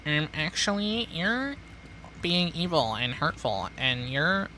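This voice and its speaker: Brief: high, prissy preteen kid scolding someone online, put on by a man streamer. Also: sing-song, slow pace, sharp tone, slight background noise, heavily acted, poor audio. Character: whiny self-righteous preteen kid.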